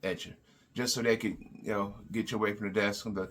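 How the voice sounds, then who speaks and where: A man's voice: fairly low pitch, fairly even intonation, fast, fairly bright tone, slight background noise. A car salesman talking through buying advice in a plain, repetitive way with lots of fillers. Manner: plain-spoken, repeats words, many fillers. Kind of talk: advice vlog talk.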